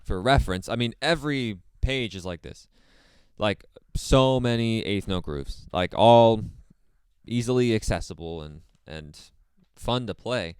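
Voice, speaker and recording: A man giving a casual drum lesson in a relaxed way, with plenty of fillers and repeated phrases. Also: on the low side, a little slow, smooth, no room sound. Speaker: drum teacher. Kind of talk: casual instructional talk.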